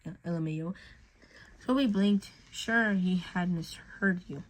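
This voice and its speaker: A woman's voice: fairly low pitch, unhurried, low-quality recording. A woman reading a fan fiction story aloud in a casual way, with slips and restarts.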